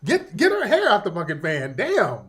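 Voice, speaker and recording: Middle-aged male host, joking and cursing, animated voice. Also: high-pitched, normal speed. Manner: profane, joking, laughs often. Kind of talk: casual livestream commentary.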